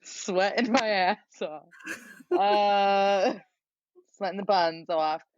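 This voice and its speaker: A woman telling a story as a podcast guest, animated and laughing at herself. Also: mid-range voice, extremely slow, dry recording. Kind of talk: casual storytelling. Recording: dull dry lo-fi recording.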